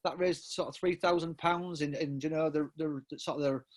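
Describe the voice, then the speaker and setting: In a relaxed storytelling interview, a middle-aged English podcast guest meanders, cutting himself off, restarting and using fillers while laughing frequently. His voice sits a little high, with fairly even intonation and a moderate pace.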